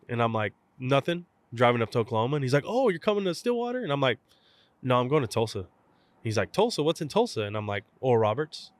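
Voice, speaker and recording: Low-voiced man telling a lively story. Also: dry recording. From South Texas. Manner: animated storyteller, acts out both sides of phone calls. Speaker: guest, professional baseball catcher. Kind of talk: casual storytelling interview.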